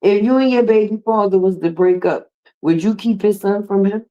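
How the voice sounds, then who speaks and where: A woman's voice: medium pitch, moderate pace, dark tone, dull audio. A middle-aged woman hosting a livestream, talking in a blunt, profane, sassy way as she comments and chats with viewers. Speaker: livestream host.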